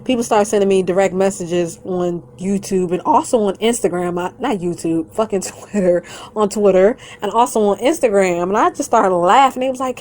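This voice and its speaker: A woman's voice: mid-range voice, moderate pace, a little mellow. A woman vlogger in a blunt, profane rant who talks straight to her viewers, rambles and keeps swearing. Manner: blunt and defiant, swears constantly, breaks into laughter; rambling and conversational, addresses viewers directly. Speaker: YouTuber.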